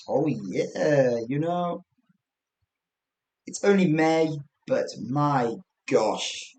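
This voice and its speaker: A man's voice: mid-range voice, darkish tone. A man from England with an English accent, hosting a chatty English lesson podcast, rambling, correcting himself and laughing often. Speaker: English teacher podcast host. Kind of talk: casual spoken English lesson.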